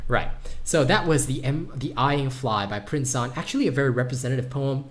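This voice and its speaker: A man hosts a casual poetry livestream in his own voice, joking and teasing as he goes. He often stumbles and restarts his sentences. His pitch sits in the middle of the range. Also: a little fast, hardly any pauses.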